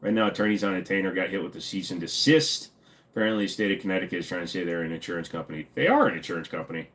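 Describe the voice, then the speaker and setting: A man's voice: deep voice, rapid-fire, fairly bright tone. A man in his forties hosting a casual livestream, reading chat messages aloud and answering them in a joking, offhand way. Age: 40s. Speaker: livestream host.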